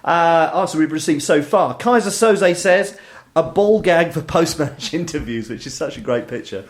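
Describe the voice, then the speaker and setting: Bloke hosting a fan radio chat, chuckly and jokey, voice sits a bit high. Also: male voice, lively intonation, moderate pace. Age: adult, married. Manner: jokey, laughs often while reading listener messages. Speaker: radio show host. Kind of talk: casual chat.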